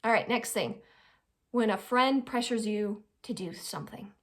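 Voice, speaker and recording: Speaking a bit slowly in a medium-pitched voice, this woman hosts an advice segment, chatting through an informal life-skills lesson. She often tosses in "right?" and performs the people she quotes with playful little voices.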